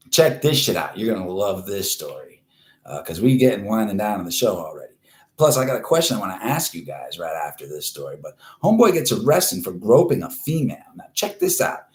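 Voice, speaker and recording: A man hosting a live stream, his pitch swinging widely as he tells crude stories with heavy emphasis. He keeps repeating his punchlines for effect. His voice rings around a roomy, echoey space. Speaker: host of a live online show. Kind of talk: profane live-stream storytelling chat.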